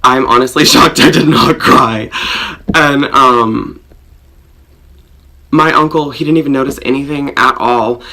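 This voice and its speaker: A man tells a story from his own life to the camera, rambling and self-mocking, stuffing his talk with fillers. His voice is bright and forward with a gravelly rasp running under it. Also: mid-range voice, a little slow, long pauses. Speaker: vlogger. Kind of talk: storytime vlog.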